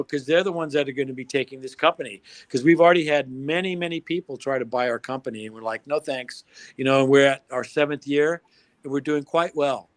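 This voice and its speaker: A man from the United States talking as a guest on a livestream, excitable, swearing freely and laughing often. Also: fairly high pitch, no room sound. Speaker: guest, product formulator. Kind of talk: casual chat on a livestream.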